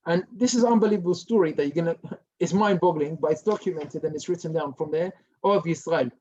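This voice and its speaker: A male rabbi giving a Torah lesson as a story, lively and dropping to a hush for the dramatic parts. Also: on the high side, fast, highs cut off. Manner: animated storyteller who drops to a hushed tone for dramatic parts.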